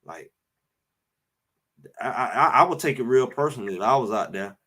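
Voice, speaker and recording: A man's voice: mid-range voice, expressive, normal speed, pushed and bright. A show host delivering heated, emphatic sports talk, repeating his points. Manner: fired-up, emphatic, repeats phrases.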